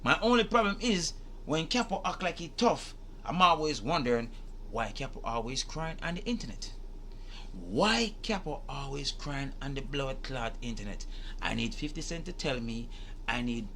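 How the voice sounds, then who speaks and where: A reaction video host gives emphatic, rhetorical commentary to camera about a video, repeating his questions and swearing to drive his point home. His mid-range voice is bright and forceful. There is slight background noise.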